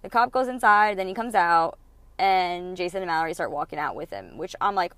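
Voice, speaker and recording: A woman's voice: fairly low pitch, animated, a little fast, fairly bright tone, clear, resonant tone, dry recording. A woman, a mother, telling her own story in a candid storytime monologue. She is blunt, swears freely and acts out what others said. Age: adult mother. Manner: blunt, profane and emotional, quoting others in dialogue.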